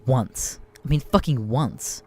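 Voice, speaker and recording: A man narrating an internet horror story in a deadpan, profane way. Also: medium pitch, takes it slowly, slight background noise. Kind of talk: scripted narration of internet stories.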